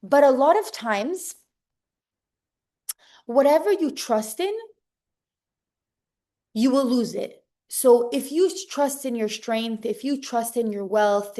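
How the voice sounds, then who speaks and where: Young woman teaching a torah class, highish voice, lively and emphatic, says okay a lot. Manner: animated, emphatic, repeats "okay?" and "in that moment". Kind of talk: informal religious class.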